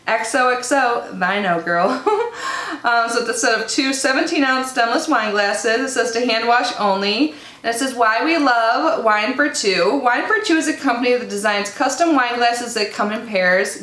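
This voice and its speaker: Bubbly girl doing an unboxing, kinda high voice, reading the cards out loud, roomy echo. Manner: chatty and bubbly, reads product cards aloud. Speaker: subscription box reviewer. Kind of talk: casual unboxing chat. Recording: echoey room.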